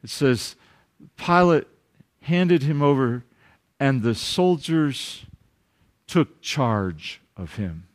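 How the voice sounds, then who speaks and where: A man with a Southern US accent preaching a sermon as pastor, swinging from loud emphatic rises to quiet asides. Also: medium pitch, expressive, drawn-out words, long pauses.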